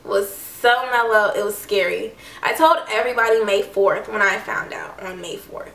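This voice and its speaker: A woman's voice: mid-range voice, normal speed, fairly bright tone, far from the mic. A young woman telling a personal story to camera in a casual, chatty way, full of "like" and "I don't know". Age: young adult. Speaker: vlogger. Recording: echoey room, voice a bit off-mic.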